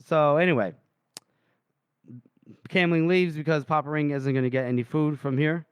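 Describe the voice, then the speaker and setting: A man co-hosting a podcast, casually retelling book chapters and quoting the characters in quick asides. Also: fairly high pitch, clean tone, dry recording. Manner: retells scenes with quick voiced quotes of characters. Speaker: podcast co-host.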